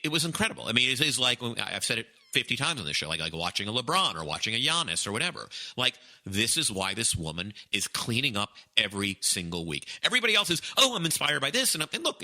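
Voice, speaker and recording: A man co-hosting a podcast, talking in an excitable, emphatic way and often restarting his phrases. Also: mid-range voice. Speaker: podcast co-host. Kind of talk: casual chat.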